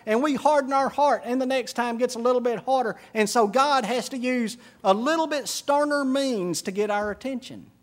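Man, middle-aged pastor, high-pitched voice, storytelling sermon, hushed to shouting.

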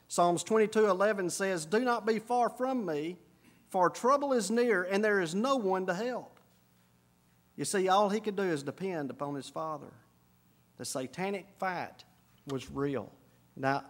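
A man preaching a sermon, dropping to a hush and then building to emphatic peaks. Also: sits high. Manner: preaching with wide swings from hushed to emphatic. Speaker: pastor.

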